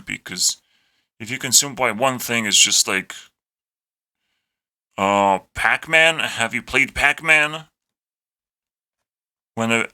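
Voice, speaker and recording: A man's voice: mid-range voice, sharp tone. A young man from Lithuania with a Lithuanian accent, ranting to camera in a profane, sarcastic, self-deprecating way. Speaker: YouTuber. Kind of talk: rambling rant to camera.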